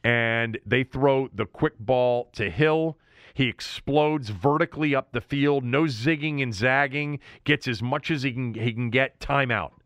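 A middle-aged man hosting a sports talk show, recapping a game play by play in an animated way, his voice jumping up when excited. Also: medium pitch, unhurried, dry recording, studio quality. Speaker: sports radio host. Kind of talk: solo sports talk monologue.

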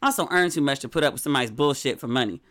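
A middle-aged woman hosting a podcast, chatting casually in a candid, wry, animated way. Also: very deep voice, rapid-fire. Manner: candid, wry and animated, with sudden quoted outbursts. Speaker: podcast host. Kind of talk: casual solo podcast chat.

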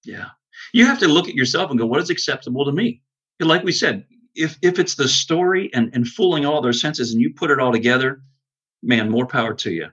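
Casting: husky man telling an earnest field story, on a dull lo-fi recording. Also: mid-range voice, a little fast. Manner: earnest, animated storyteller with many restarts. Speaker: podcast guest, bow hunter. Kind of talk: storytelling in casual conversation.

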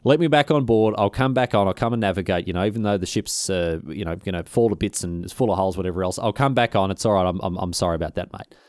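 A man's voice: sits low, quick pace, hardly any pauses, darkish tone, no echo, clean studio sound, natural voice. A man voicing a belligerent, hot-tempered male sailor, blunt and slangy, in a told story. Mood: pleading. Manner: blunt, swearing slangy speech.

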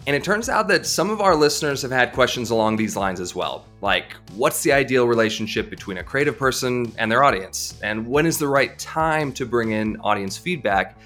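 Soft music plays behind a man co-hosting an advice podcast, whose mid-range, slightly bright voice is expressive, at normal speed with hardly any pauses. In a conversational debate he pushes back thoughtfully, hesitating often with fillers and restarts.

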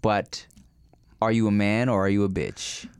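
A man's voice: fairly low pitch, flat delivery, unhurried, smooth. Crude joking podcast co-host, a man. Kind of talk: casual podcast banter.

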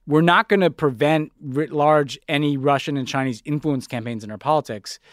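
A man co-hosting a political podcast, talking in an animated way and often repeating words as he starts his sentences. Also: fairly high pitch, normal speed, dry recording, studio quality. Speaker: podcast co-host. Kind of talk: casual political chat.

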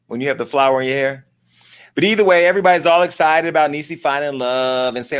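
A man's voice: fairly high pitch, quick pace. A man hosting his own comedic celebrity gossip show, sassy, profane and theatrical in his delivery. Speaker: host. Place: home studio with lights.

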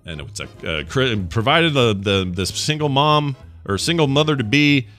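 Lively bright-voiced man chatting. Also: mid-range voice, moderate pace, soft background music. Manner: animated, jokey, getting worked up. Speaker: podcast co-host. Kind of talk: casual comedic chat.

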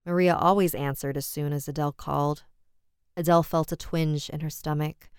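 A woman telling a horror story in a measured, dramatic style. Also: sits low, fairly even intonation, clean tone, dry recording, studio quality. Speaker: narrator. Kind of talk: scripted horror narration.

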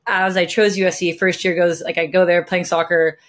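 Young woman from California, rapid casual chat, slightly low voice, bubbly, filler words. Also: flat delivery. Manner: bubbly, lots of filler words, acts out quotes. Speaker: guest, professional soccer player.

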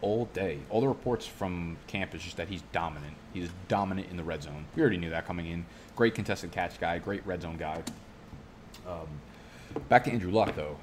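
A man's voice: low voice, darkish tone, a little hiss or hum. A young man talking casually to his viewers while drafting a fantasy football team, rambling, swearing freely and drifting off on tangents. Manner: rambling, profane, goes off on tangents.

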